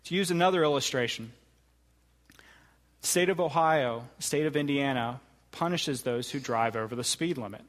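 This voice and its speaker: A man preaching a sermon, with deliberate, emphatic phrasing that slows to stress key words. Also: mid-range voice, in a large hall. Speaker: pastor.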